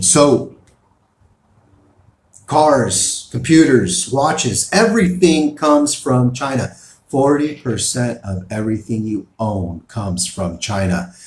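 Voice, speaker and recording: Guy ranting about politics, punchy and loud in bursts, roomy echo, mid voice. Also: mid-range voice. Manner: emphatic, rising and falling in bursts. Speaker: commentator. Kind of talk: opinion commentary reading news articles.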